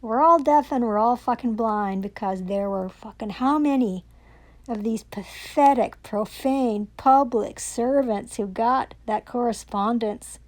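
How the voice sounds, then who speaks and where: A woman's voice: fairly high pitch, measured pace. A woman, ranting angrily and profanely into her own recording, sarcastic and accusing. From Canada. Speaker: self-recording vlogger. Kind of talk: angry rant to camera.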